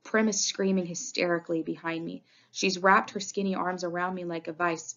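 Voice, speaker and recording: A woman narrating a novel in the first person with expressive, dramatic reading, on a dull lo-fi recording. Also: fairly low pitch, normal speed, few pauses. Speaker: audiobook reader. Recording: dull lo-fi audio.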